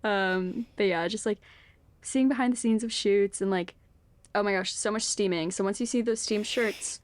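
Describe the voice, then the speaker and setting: A woman's voice: mid-range voice, normal speed. A woman in her twenties, co-hosting a podcast in casual chat. She tells stories with lots of "like" fillers and laughs often. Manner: chatty storyteller, laughs often, heavy "like" filler. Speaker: podcast co-host.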